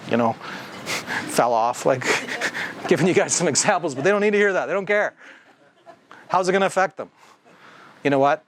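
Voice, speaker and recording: A man of medium pitch leads a training session for a service team in an indoor room. He talks in a lively, conversational way and keeps asking the group questions. A faint hum of background noise runs under his voice. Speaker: company president giving staff training.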